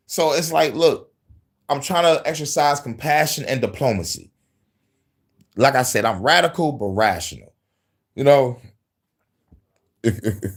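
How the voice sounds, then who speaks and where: A man's voice: fairly high pitch, moderate pace, long pauses. A man hosting a casual news-commentary livestream, profane and heated, laughing often between angry riffs.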